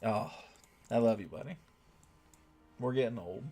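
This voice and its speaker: Streaming a strategy game, an American man offers casual commentary and calls out chat viewers by name to thank them. He speaks at a measured pace in a lowish, warm voice with a slightly rough quality.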